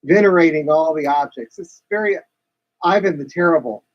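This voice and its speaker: A man's voice: on the high side, moderate pace. A man co-hosting a casual live podcast, chipping in dryly with trivia. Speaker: podcast co-host. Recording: dull, muffled audio.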